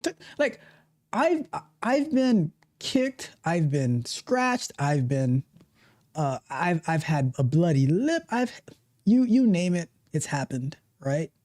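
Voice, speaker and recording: A woman's voice: sits low, big pitch swings, slow pace, a little mellow. A woman coach giving a motivational talk, speaking emphatically, repeating her points and acting out how people react. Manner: emphatic, repetitive, acts out quoted reactions.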